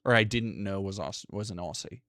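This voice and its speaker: A man's voice: fairly low pitch, normal speed, fairly bright tone, no echo. A man streaming live, reading news articles aloud and breaking off into profane, sarcastic asides while thanking chat.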